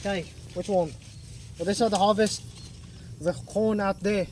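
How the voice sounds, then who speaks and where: A man's voice: high voice, steady tone, moderate pace, a little mellow, a little hiss or hum. A young man vlogging outdoors on a farm, talking in a playful, boastful, rambling way. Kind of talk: casual farm vlog.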